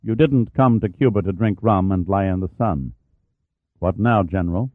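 A cold Soviet general who speaks in formal, measured tones, as a male narrator puts him on. Low and menacing, with a dry, narrow, phone-like sound. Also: no room sound. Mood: icy.

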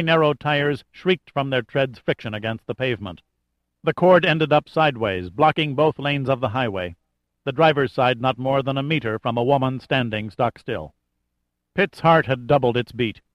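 A male audiobook narrator reading a thriller in a steady, even storytelling voice of middle pitch. The recording is dull and lo-fi, and bone dry with no room around it. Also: normal speed, dry recording. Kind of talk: scripted narration.

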